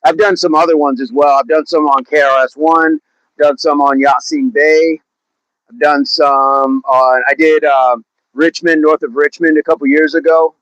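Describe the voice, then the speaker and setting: A man's voice: fairly high pitch, steady tone, normal speed, fairly bright tone, dry recording, lo-fi sound. Chatty man hosting a livestream. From Oklahoma. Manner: chatty, laughs often, slips into put-on accents. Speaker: livestream host. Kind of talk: casual livestream chat reading comments.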